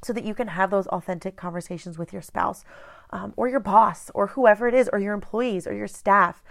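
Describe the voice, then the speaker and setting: A woman's voice: mid-range voice, fairly quick, creaky. A woman in her thirties hosting a casual motivational talk, speaking in a direct, earnest and conversational way. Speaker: host.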